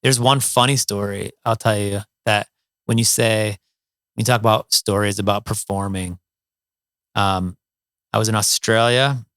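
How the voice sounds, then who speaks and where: A man's voice: lowish voice, fairly even intonation, a little slow, a bit bright, no room sound, studio quality. A middle-aged man from Ohio, a musician, telling stories in a casual interview, with many fillers and restarts. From Toledo, Ohio, USA. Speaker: guest, musician.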